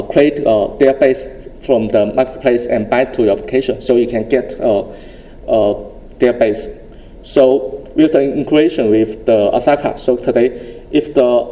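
A man presenting at a tech conference, with a very dark, mellow voice at a middle pitch. His delivery is halting and full of restarts as he walks through the steps of a demo. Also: low-quality recording. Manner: halting, with frequent restarts and plain phrasing; explaining step by step. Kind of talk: technical presentation with live demo.

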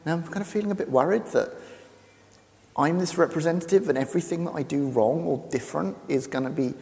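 A man with an English accent talks to an audience in a chatty, self-deprecating way, often stumbling and restarting as he goes. His voice is mellow and gravelly with a dark tone. The sound rings with the long reverb of a large hall. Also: on the high side, fast. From England. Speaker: speaker. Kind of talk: casual presentation to an audience.

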